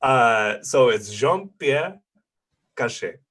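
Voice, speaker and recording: A man's voice: medium pitch, expressive, slow pace, fairly bright tone. A man voicing a suave male dog noble with a put-on French accent, patiently coaching others on pronunciation in a tabletop game.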